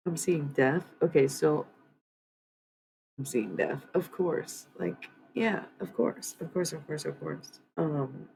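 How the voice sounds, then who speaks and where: A woman's voice: sits low, vocal fry, noisy background. A woman hosting a livestream card reading in casual chat, blunt and swearing freely, talking back sharply.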